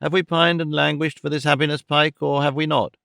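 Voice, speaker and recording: A man voicing a pompous, flattering gentleman visitor who talks in grand, theatrical, overly formal phrases. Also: fairly high pitch, fairly quick, gravelly, no echo, clean studio sound. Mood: unctuous.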